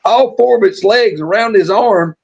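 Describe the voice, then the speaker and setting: A man's voice: sits high, moderate pace, vocal fry, breathy edge, muffled recording. A man, co-hosting a live stream and telling a rambling, folksy story with restarts and chuckles. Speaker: storytelling co-host.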